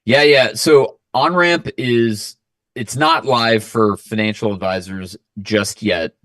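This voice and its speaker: A man, a guest on a chat stream, explaining his reasoning in a thoughtful, measured way. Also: fairly low pitch, fairly bright tone, no room sound, clean studio sound. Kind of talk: casual chat.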